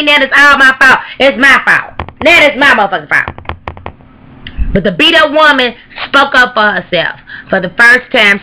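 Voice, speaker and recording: A woman's voice: high voice, bright, forceful tone, poor audio. A woman telling a comic story in a brash, profane, gossiping way. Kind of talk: comedic storytelling vlog.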